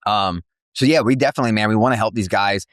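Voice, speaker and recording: Fast-talking man with a lower voice. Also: no echo, clean studio sound. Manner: fast, animated storytelling with slang and filler words. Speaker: MMA promotion CEO, guest. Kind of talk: casual podcast interview. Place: cafe.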